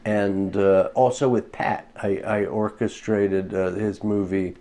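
A man's voice: fairly low pitch, slow pace, slight background noise. A man talks about his orchestration work as an interview guest. He spins casual anecdotes and slips into quoting himself and others with a laugh in his voice. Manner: animated anecdotes, acts out quotes with laughter.

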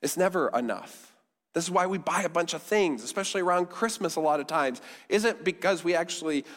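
A male pastor preaching a sermon in a conversational style, dropping softly on key words. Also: a little high. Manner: conversational preaching, with quiet emphatic endings. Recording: long hall reverb.

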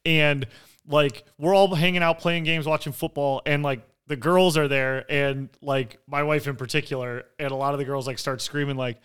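Animated storytelling man, smooth voice. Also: fairly high pitch, moderate pace. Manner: animated storyteller, acts out quotes loudly, swears freely. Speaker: podcast co-host. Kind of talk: casual sports chat.

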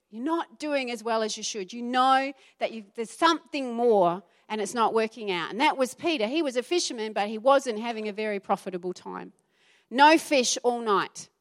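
A middle-aged woman pastor preaching a sermon, acting out the voices she quotes with animated emphasis. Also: mid-range voice.

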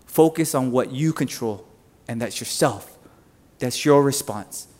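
A man's voice: medium pitch, a little slow, a little mellow. A male pastor preaching a sermon and repeating his key lines for emphasis. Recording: long reverb of a church hall.

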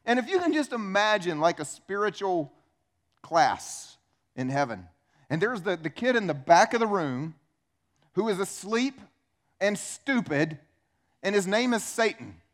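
A man preaching a sermon, animated and emphatic, asking rhetorical questions of his congregation. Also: high voice, unhurried. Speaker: pastor.

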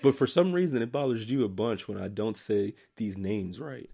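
A man's voice: normal speed, vocal fry, slightly rough. A man from Maryland co-hosting a casual podcast, joking and teasing, often breaking into laughter. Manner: animated, jokey, breaks into laughs, lively pitch. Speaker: podcast co-host.

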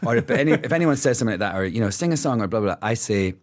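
Playful Scottish man, lowish voice. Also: rapid-fire. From Scotland. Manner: animated, playful, self-interrupting. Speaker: guest. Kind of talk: casual interview chat.

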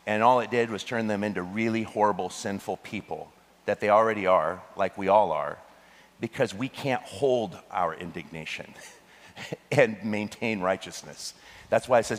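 A man's voice: on the low side, moderate pace. Preaching man in a reverberant hall. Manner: animated, joking asides with laughter. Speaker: pastor. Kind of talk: sermon.

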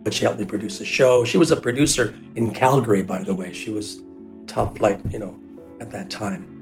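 An older man, telling a personal story in a loose, animated way and slipping into other people's voices. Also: on the low side, a little fast, creaky, soft background music. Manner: animated, jumps into quoted voices, loose run-on phrasing. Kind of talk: casual storytelling.

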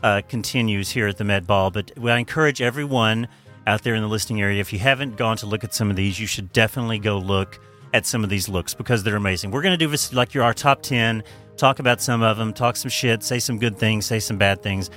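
A man's voice: on the low side, quick pace, fairly bright tone, soft background music. A man co-hosting a podcast, joking playfully and laughing often. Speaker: podcast co-host. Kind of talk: joking casual chat.

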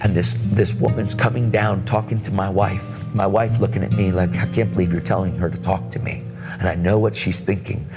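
Guest preacher, male, low-pitched, animated storyteller in a reverberant church with music under him. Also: fairly quick, gravelly. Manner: animated storyteller, acts out voices, says dude and man. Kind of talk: sermon storytelling. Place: church hall.

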